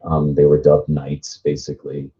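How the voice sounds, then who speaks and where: A man's voice: extremely low pitch, monotone, moderate pace. A man speaking as a theatre director at a seminar, explaining thoughtfully with frequent fillers. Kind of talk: seminar discussion. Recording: muffled live recording.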